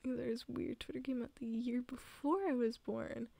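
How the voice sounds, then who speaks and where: Giggly high-voiced young woman streamer. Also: little pitch movement, moderate pace, creaky, mellow, no room sound. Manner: giggly, rambling, laughs often. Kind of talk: casual stream chat.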